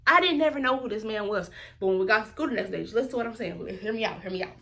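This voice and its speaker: A woman's voice: mid-range voice, expressive, racing, vocal fry, noisy background. A woman, telling a story in a casual vlog and mimicking other people's voices as she quotes them. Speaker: vlogger.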